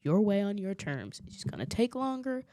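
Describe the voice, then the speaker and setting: A woman's voice: medium pitch, big pitch swings, normal speed, warm tone. A woman hosting a podcast in casual chat, talking emphatically and animatedly, often breaking into laughter. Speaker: podcast host.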